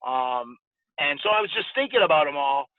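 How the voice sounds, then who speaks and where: A middle-aged man telling stories as a podcast guest, rambling along with lots of fillers and slipping into voices for the people in his tales. His voice sits fairly high for a man, and it comes through a thin, phone-like band with no room sound at all. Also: expressive, brisk, no room sound. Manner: rambling, many fillers, acts out quoted voices. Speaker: podcast guest, former fighter. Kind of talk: casual storytelling interview. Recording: tinny phone-like sound, dry.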